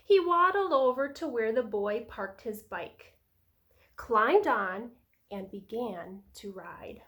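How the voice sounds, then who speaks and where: A woman who is a preschool teacher, reading a picture book aloud to young children in a slow, sing-song storytelling voice. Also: a little high, expressive, a bit bright.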